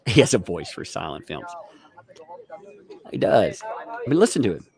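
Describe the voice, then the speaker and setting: Animated joking male stream host. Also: fairly low pitch, moderate pace, gravelly, crowd noise. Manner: joking, animated, reads chat aloud. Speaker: livestream host. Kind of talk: casual live commentary.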